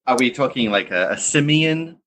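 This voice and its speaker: A man's voice: mid-range voice, lively intonation, moderate pace, fairly bright tone. A man playing a tabletop game, asking questions and speaking his character's lines in a slightly formal way. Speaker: player. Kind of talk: casual play at the table.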